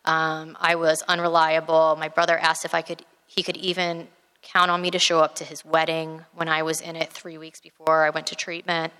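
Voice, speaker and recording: A woman's voice: low voice, monotone, normal speed, pushed and bright, clear, resonant tone, in a large hall. A woman who works as an addiction therapist tells her recovery story in a candid, rambling way, full of filler words.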